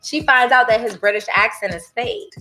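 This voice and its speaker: Woman co-host, bright voice, lively slangy storyteller. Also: a little high, moderate pace, soft background music, low-quality recording. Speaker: podcast co-host. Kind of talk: casual banter.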